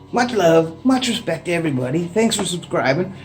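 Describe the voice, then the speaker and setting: A man's voice: a little high, darkish tone. A middle-aged man with a Canadian accent, talking casually and unscripted into a propped-up phone at home, rambling with lots of "eh" and "like". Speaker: vlogger. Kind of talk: casual unscripted chat to camera. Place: indoors at home. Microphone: phone propped up facing him.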